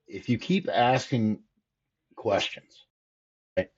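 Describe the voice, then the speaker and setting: A man's voice: on the low side, lively intonation, slow pace, a little mellow, husky, highs cut off. A man who teaches hitting, talking in a casual interview with an emphatic, explaining manner. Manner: emphatic, explains with repeated phrasing. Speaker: hitting instructor, podcast guest.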